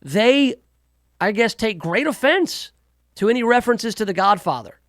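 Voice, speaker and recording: A man's voice: sits high, big pitch swings, normal speed, fairly bright tone, no echo, studio quality. A man hosting a talk radio show, delivering a rambling, sarcastic monologue full of jokey asides. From United States. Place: radio studio.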